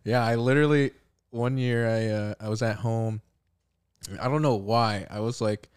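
Laid-back young man, smooth clear voice. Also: fairly low pitch, steady tone, normal speed. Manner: laid-back, swearing, heavy use of "like". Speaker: podcast co-host. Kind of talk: casual storytelling chat.

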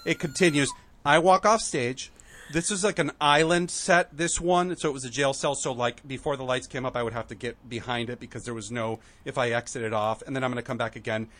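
A man telling a story on a podcast, acting out the quotes with lively shifts and growing emotional at moments. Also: medium pitch, fairly quick. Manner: animated, acts out quotes, emotional at times. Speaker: guest.

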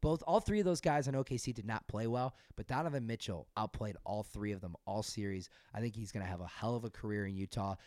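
A man's voice: on the low side, fast, few pauses, darkish tone, no echo. Chill guy cohosting a sports podcast, easygoing and jokes about himself, dry close mic. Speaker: podcast co-host. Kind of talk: casual sports chat.

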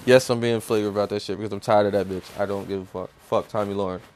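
A man's voice: on the low side, fairly even intonation, fast talker, darkish tone, slight background noise. A man delivering a heated, profane opinion rant as a commentator, blunt and swearing constantly.

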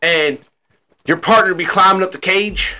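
A man's voice: sits high, normal speed, bright, forceful tone. Chatty, profane male podcast co-host. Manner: loose, profane and chatty, with fillers like "like" and "uh". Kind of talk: casual chat.

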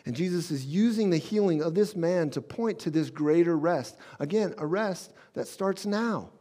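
A man preaching a sermon as pastor in a conversational way, dropping soft and slow when he quotes scripture. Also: fairly high pitch, lively intonation.

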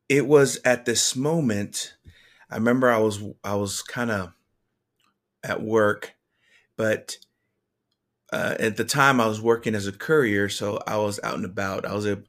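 A man telling a personal faith testimony in an earnest, halting way, often restarting his sentences. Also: lowish voice, steady tone, fairly bright tone.

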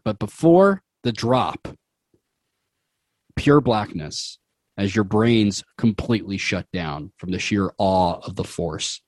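A man's voice: low-pitched, a little mellow, no room sound. A young adult man narrating a tabletop game as game master, vivid and prone to laughing.

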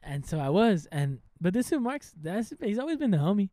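A man's voice: sits high, big pitch swings, a little fast, mellow, no echo, clean studio sound. A young man, chatting casually with a friend, full of slang and swearing. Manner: slangy, swears freely, laughs while telling stories. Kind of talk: casual chat.

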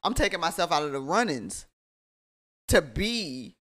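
A woman's voice: lowish voice, big pitch swings, unhurried. A woman co-hosting a podcast, talking reflectively about her past in casual chat and laughing easily. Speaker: podcast co-host.

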